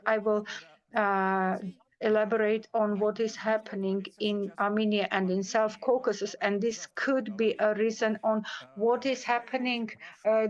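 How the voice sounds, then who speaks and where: A woman's voice: medium pitch, dull audio. A woman speaking as a symposium panelist, giving impassioned, firm remarks with frequent hesitations and repeated words.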